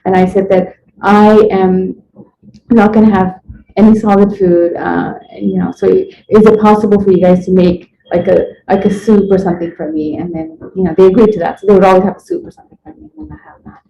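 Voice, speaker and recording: A woman being interviewed, telling a personal story in a rambling, animated way and acting out what people said to her. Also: mid-range voice, fairly quick, vocal fry, a little hiss or hum. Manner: rambling, animated retelling with acted-out quotes. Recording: echoey room, dull lo-fi sound.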